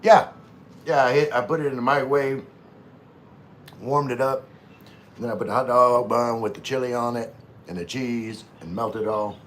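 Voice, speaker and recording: A man in casual livestream chat, easygoing and rambling, talking between bites of food. His pitch sits in an ordinary middle range, and a faint hiss runs under his voice. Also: normal speed, long pauses. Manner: laid-back, rambling, talks with mouth full; folksy, calls himself country. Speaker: vlogger hosting a live stream.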